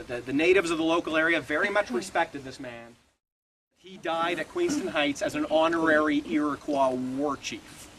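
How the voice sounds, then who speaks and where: A man's voice: fairly high pitch, rough recording. A man guiding a ghost tour, telling stories to a group outdoors in a wry, chatty way. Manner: chatty, wry storytelling with chuckles. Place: outdoors at a historic fort. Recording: outdoor recording with steady background noise.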